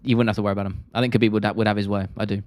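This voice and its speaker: A man's voice: on the low side, flat delivery, racing, a little mellow, no room sound, clean studio sound. A man with a South London accent hosting an MMA live stream, chatting casually and bluntly while reading viewer comments. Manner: chatty, blunt, swears freely, drops T's.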